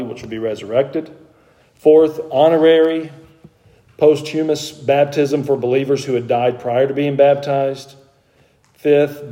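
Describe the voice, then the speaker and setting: A man with a warm, mid-range voice leads a group Bible study in a conversational style. He talks with the class and becomes more emphatic as he explains the passage.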